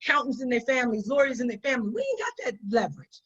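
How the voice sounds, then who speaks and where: Woman, business owner, emphatic, repeats for stress, high voice, muffled lo-fi audio. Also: sing-song, racing, a bit bright, husky. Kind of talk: conversational business advice. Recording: dull lo-fi sound.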